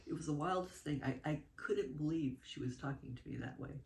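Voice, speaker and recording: A mother telling animated stories about her children in a casual interview, laughing often. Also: deep voice, a little fast, gravelly, slight background noise. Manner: animated, laughing, with fillers and asides. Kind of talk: casual spoken storytelling.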